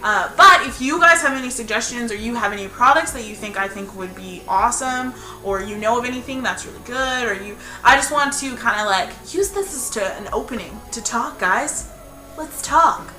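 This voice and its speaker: A woman's voice: fairly high pitch, a little fast, hardly any pauses, sharp tone. A woman vlogger in a casual hair-care video, chatting and rambling as she recommends products. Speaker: beauty vlogger. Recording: roomy echo, faint background music.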